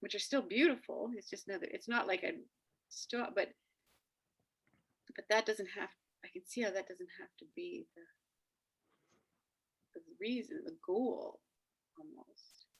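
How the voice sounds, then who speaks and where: A woman's voice: mid-range voice, measured pace, creaky, long pauses, breathy edge. A woman hosting a casual, reflective chat, telling stories animatedly. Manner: animated storytelling, acting out quoted dialogue. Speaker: host.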